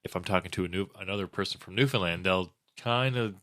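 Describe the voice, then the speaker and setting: A man's voice: sits low, fast talker, a bit bright, no echo. A man chatting casually on a podcast, mostly chiming in with short agreements.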